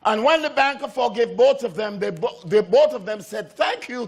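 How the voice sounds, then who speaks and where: A man preaching a sermon with a high-pitched voice. He tells the story in a loose, repeating way and acts out what the people in it say. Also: lively intonation, moderate pace, creaky, few pauses, breathy edge. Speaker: pastor.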